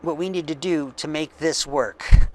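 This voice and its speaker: A man hosting a coding tutorial, thinking aloud slowly with frequent ums as he works on screen. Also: a little high, a little mellow, a little hiss or hum. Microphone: desk mic with face cam.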